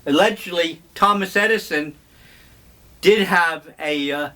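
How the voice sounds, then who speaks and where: Older male vlogger, slightly high voice, unhurried wry reminiscing. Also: pushed and bright. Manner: slow, wry, meandering storytelling. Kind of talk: casual reminiscing monologue.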